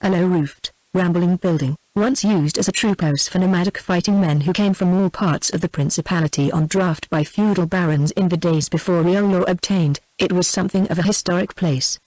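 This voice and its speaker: A text-to-speech woman's voice with a British English accent, reading a classic novel aloud in an even, steady manner. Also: lowish voice, moderate pace, few pauses, no echo, poor audio. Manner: even, steady synthetic delivery. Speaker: audiobook narrator.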